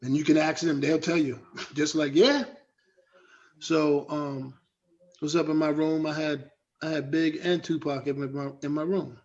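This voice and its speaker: A middle-aged man, a guest rapper, telling animated, slangy stories in a casual interview and acting out other people's voices. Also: a little high, moderate pace. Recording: dull lo-fi sound.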